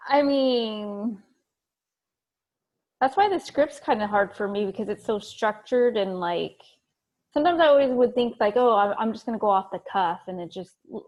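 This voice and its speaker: A woman's voice: on the high side, animated, measured pace, darkish tone. A woman on a team video call, talking hesitantly with many fillers. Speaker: sales team member. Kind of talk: casual chat on a video call.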